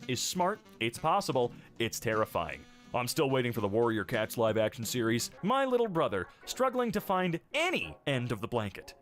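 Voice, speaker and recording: Man, host, reading posts aloud, wry joking asides, animated pitch, faint music behind. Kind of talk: reading and reacting to online posts.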